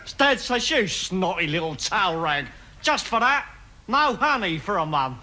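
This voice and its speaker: A man's voice: high voice, very animated, unhurried, pushed and bright, full character voice. A man playing a crude cockney punk who tells gags, brash and cackling, in a sketch comedy monologue.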